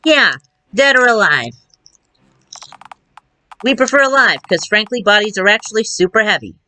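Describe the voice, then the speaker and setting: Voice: mid-range voice, expressive, moderate pace, pushed and bright. A streamer voicing a pair of dimwitted small-time crooks with a slangy tough-guy drawl, reading game dialogue live. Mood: scheming.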